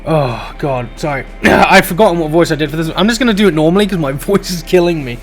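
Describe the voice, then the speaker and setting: A man reads a comedy visual novel aloud, his pitch bouncing all over as he giggles through it. He swears offhandedly between lines. Faint music plays under him. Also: quick pace. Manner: giggly, animated, swears casually. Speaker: game streamer voicing all characters. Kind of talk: reading a visual novel aloud with laughs and asides.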